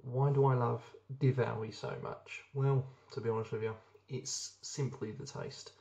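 A man's voice: medium pitch, fairly even intonation, unhurried, creaky, warm tone. A young man chatting casually and enthusiastically while reviewing beers, rambling with plenty of ums. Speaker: beer reviewer. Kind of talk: casual beer review vlog.

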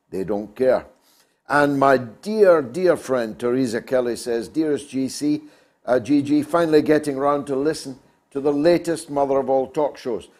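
A man's voice: mid-range voice, darkish tone. A man hosting a talk show, delivering an emphatic, oratorical monologue.

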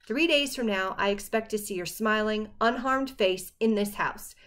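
A woman's voice: mid-range voice, normal speed, fairly bright tone, close to an everyday voice. Brief: tense, stern mom, read by a woman, firm and worried, audiobook. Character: worried, stern middle-aged mother.

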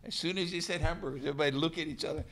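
A man, a canoe crew member telling a lively story to a hall audience and acting out the voices. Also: on the high side, racing, very noisy. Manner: animated storyteller, laughs and acts out voices. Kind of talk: storytelling talk.

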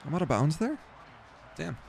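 Talking to himself while playing, a young gaming streamer comments casually on his football video game, swearing and laughing at his own slip-ups. His voice is fairly high-pitched, gravelly, and a little mellow, very animated at a moderate pace, with slight background noise.

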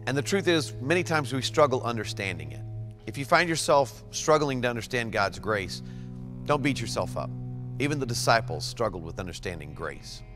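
A calm, patient Jesus, played by a man who asks his questions gently and lets them land. His voice moves with plenty of lift, and faint music plays behind him. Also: medium pitch, moderate pace, natural voice.

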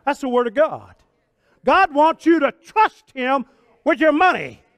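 A man in his sixties preaching a sermon as pastor, folksy and fervent, swinging from hushed talk to shouts. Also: very high-pitched, expressive, a little slow, dry recording. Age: 60s.

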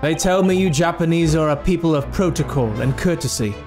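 A man's voice: on the high side, fairly quick, over music, close to an everyday voice. A man voicing a pompous older British judge with a put-on, patchy British accent and stately, proud declarations. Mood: formal. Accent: put-on British, mixed.

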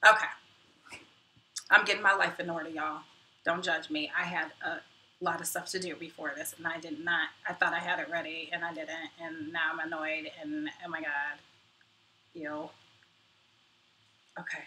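A woman's voice: deep voice, level tone, normal speed, long pauses, pushed and bright, slight background noise. A woman hosting her own live stream in casual chat, self-deprecating and muttering asides to herself. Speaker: YouTube host. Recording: roomy echo, mic at a distance.

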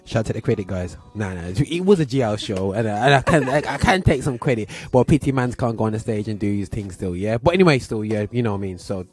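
A man with a Birmingham accent hosts a casual chat. He rambles in street slang with lots of filler and asides, and his voice is a little husky. Faint music plays behind him. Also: lowish voice, animated, fast talker, few pauses. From Birmingham, England. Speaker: show host. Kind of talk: casual chat on a gospel show.

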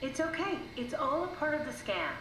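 An actress playing a calm woman who soothes a frightened test subject in measured, coaxing words, heard as game audio. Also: high voice, noisy background. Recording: roomy game audio with ambience.

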